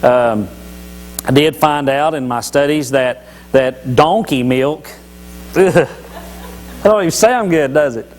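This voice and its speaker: A man's voice: mid-range voice, slow pace, long pauses, low-quality recording. A man giving a folksy, joking devotional talk at church, telling Bible stories with many restarts. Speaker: lay church speaker.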